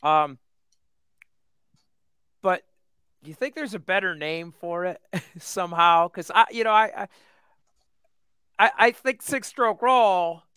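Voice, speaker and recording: A man's voice: high-pitched, slow pace, pauses often, bright, forceful tone, clear, resonant tone, no echo, studio quality. A man co-hosting a drummers' chat, eagerly affirming and asking questions. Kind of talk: casual chat.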